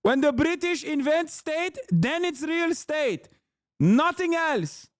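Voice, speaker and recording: Casting note: a man putting on a deadpan broken-accent pundit caricature, pitched well above his own voice. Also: takes it slowly, no echo, clean studio sound, heavily acted. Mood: mocking. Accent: put-on foreign accent. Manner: broken grammar, deadpan exaggeration. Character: mocking caricature of a male pundit.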